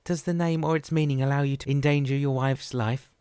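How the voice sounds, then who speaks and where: A man's voice: mid-range voice, steady tone, brisk, mellow, clear, resonant tone, no room sound, pitched above the performer's own voice, lightly acted. A man reading an audiobook, voicing a stern little wooden-faced male boatman who lectures and gives orders in a raised voice. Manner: lecturing, commanding.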